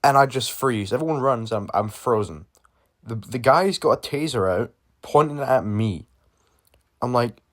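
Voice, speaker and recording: A man's voice: medium pitch, moderate pace. A young man telling a storytime vlog in a casual, rambling way, full of fillers and swearing. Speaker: vlogger.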